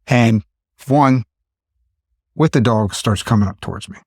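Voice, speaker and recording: A man's voice: mid-range voice, a little slow, breathy edge, dry recording, studio quality. A man in his fifties, a podcast host telling a story in casual chat and acting out his own thoughts in exclaimed asides. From Pennsylvania. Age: 50s.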